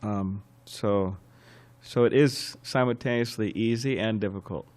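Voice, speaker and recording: A man giving a scriptural class as a sermon, telling anecdotes in a lively way, chuckling and often restarting phrases. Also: fairly low pitch, a little slow. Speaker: temple class speaker. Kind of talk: sermon with storytelling.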